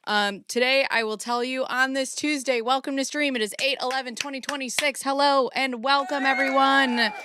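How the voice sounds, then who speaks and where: A woman's voice: high voice, steady tone, normal speed, hardly any pauses, bright, forceful tone. A woman in her forties hosting a casual livestream, chatty and rambling, a little out of breath. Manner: rambling, chatty, self-deprecating. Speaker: streamer host.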